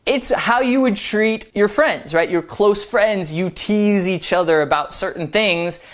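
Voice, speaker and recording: A man giving dating advice as a coach, explaining in a playful, upbeat way. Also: high voice. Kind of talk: instructional talk to camera.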